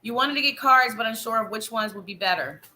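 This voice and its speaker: A woman's voice: on the high side, brisk, bright, forceful tone, low-quality recording. A woman hosting a live psychic show, giving tarot readings in a chatty, playful way, talking straight to the viewer and laughing often.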